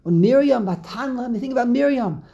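Animated woman teaching scripture. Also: fairly high pitch, quick pace, gravelly, low-quality recording. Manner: animated, repeats key phrases for emphasis; uses Hebrew terms throughout. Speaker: Torah teacher. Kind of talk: lecture on scripture.

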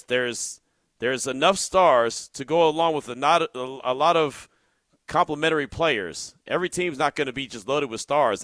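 A man hosting a solo sports podcast, telling a story animatedly and growing loud and incredulous at times. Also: medium pitch, dry recording.

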